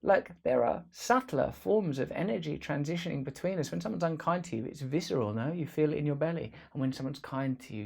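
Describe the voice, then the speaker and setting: A man's voice: medium pitch, creaky, darkish tone. A man hosting a casual, rambling vlog, full of playful jokey asides. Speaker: host.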